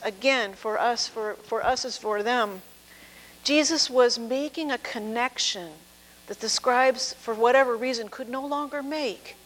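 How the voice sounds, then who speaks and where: Woman preaching in a reverberant church. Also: fairly high pitch. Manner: warm conversational preaching with quoted voices. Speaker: pastor. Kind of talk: sermon. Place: church sanctuary. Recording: long reverb with mains hum.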